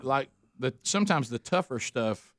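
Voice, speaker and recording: A man's voice: medium pitch, animated, normal speed, a bit bright, no room sound, clean studio sound. A man hosting a radio talk show, joking and rambling in casual chat.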